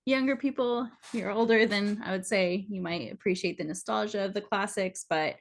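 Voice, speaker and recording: A woman's voice: medium pitch, normal speed, vocal fry. A woman guest on a casual interview podcast, giving earnest, encouraging advice with frequent fillers.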